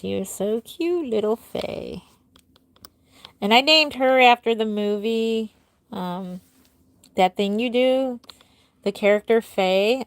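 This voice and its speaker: A woman's voice: mid-range voice, no room sound. A woman in her forties hosting a casual livestream as a doll artist, chatting and answering viewer comments. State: tired, yawning.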